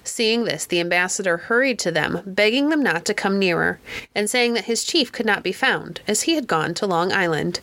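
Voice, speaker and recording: A woman narrating a history book chapter in clear, steady storytelling. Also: on the low side, moderate pace, no room sound. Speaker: audiobook reader. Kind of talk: scripted narration.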